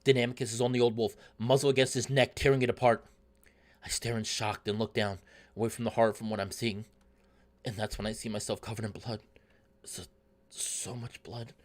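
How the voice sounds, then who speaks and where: A man reading a visual novel aloud in steady first-person narration. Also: mid-range voice, brisk. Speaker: let's play narrator.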